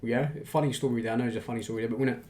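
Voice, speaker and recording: A man's voice: mid-range voice, fairly even intonation, very fast, a little mellow. A man co-hosting a podcast, prompting his friend with questions in a jokey, encouraging way. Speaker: podcast co-host. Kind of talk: casual chat, prompting questions.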